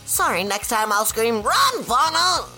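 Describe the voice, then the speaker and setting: A woman's voice: a little high, big pitch swings, normal speed, bright, forceful tone, soft background music, heavily acted. A woman voicing a nervous male raccoon, panicky and pleading.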